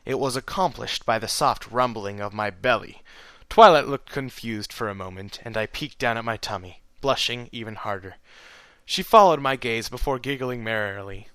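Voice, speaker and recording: A man's voice: medium pitch, fairly bright tone, dry recording. Man reading a story aloud, dry and close. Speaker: reader of fan fiction.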